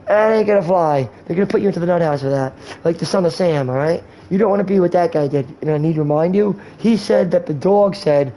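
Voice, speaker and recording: Crude joking streamer dude, kinda high voice, faint noise behind him. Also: male voice, fairly quick, mellow, rough recording. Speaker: gaming streamer. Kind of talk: rambling game commentary with improvised rhymes.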